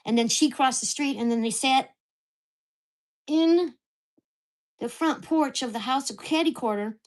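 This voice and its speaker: A woman's voice: high voice, measured pace. Blunt, profane woman ranting at home. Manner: blunt, profane, heated storytelling. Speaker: vlogger. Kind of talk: casual ranting vlog.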